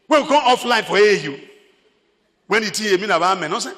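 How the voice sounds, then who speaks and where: A man's voice: high-pitched, quick pace, a bit bright, big-room sound. A Nigerian man preaching a sermon as pastor, emphatic, repeating his phrases.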